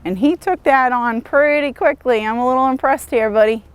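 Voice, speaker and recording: Woman horse trainer, mid-high voice, calm instructional delivery outdoors. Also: moderate pace, smooth. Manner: calm, encouraging, praises the horse often. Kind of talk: instructional demonstration.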